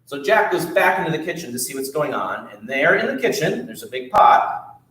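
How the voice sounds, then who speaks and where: A man telling a folk tale at a library storytime, animated and drawing pictures as he goes. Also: on the high side, fairly quick. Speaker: children's storyteller. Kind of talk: storytime read-aloud. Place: library room. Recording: echoey room.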